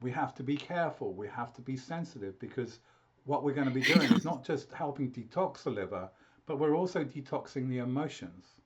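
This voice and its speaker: A man's voice: medium pitch, animated, a little fast, slight background noise. Rambling man coaching, dull lo-fi sound. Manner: rambling, many restarts and repeated words. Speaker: health coach. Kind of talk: live consultation talk.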